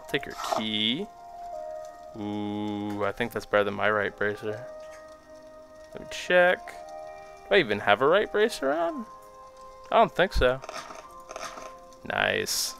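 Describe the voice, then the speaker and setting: A man's voice: fairly low pitch, creaky. A young man giving casual, joking commentary while he plays a video game. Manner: joking, self-mocking, animated. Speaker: let's play host.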